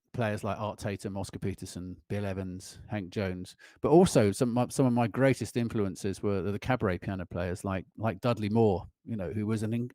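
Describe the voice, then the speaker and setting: Quick-talking man chatting about music. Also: lowish voice, no room sound, clean studio sound. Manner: animated, chuckling, full of restarts. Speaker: performing pianist and guest. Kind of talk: conversational interview on stage. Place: school concert hall.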